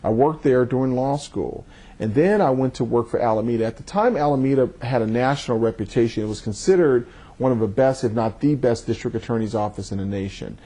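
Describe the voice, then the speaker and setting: A judge answers interview questions in a thoughtful, measured way, often repeating words as he begins a thought. His voice is mid-range and mellow.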